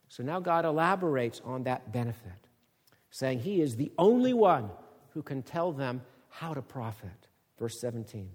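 A high-pitched male preacher with a lively, swooping delivery, taking his time over each phrase. His voice rings out with a long hall reverb as he builds to booming emphasis on scripture. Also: unhurried, slightly rough. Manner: preaching, booming when reading scripture quotes. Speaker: pastor. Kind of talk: expository sermon.

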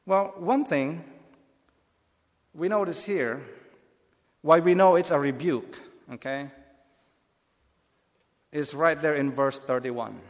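A man's voice: fairly high pitch, takes it slowly, long pauses, in a large hall. A man preaching a Bible teaching sermon, earnest and explanatory, often restarting his phrases.

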